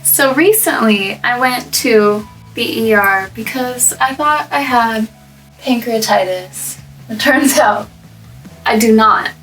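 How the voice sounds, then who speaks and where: A woman's voice: fairly high pitch, slow, fairly bright tone, far from the mic, soft background music, poor audio. A young woman vlogger telling casual story times while coloring her hair, chatty and laughing often, trailing off and restarting, with a microphone set up by the camera. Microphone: microphone placed up by the camera.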